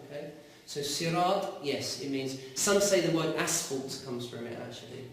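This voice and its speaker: A man teaching a class, explaining words and questioning his students in a lively way. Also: fairly high pitch, moderate pace. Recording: echoey classroom recorded from far off.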